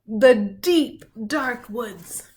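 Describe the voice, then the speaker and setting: A woman from a school reading a storybook aloud to students, with animated, chatty asides to the children. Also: on the high side, extremely slow, slight background noise.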